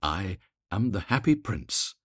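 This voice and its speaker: A grieving statue of a prince, read by a man speaks low and musical, with a husky grain. His line still rises and falls with feeling. It sounds close and dry. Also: very animated, slow, no echo, heavily acted. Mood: sorrowful. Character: sorrowful gilded statue of a prince.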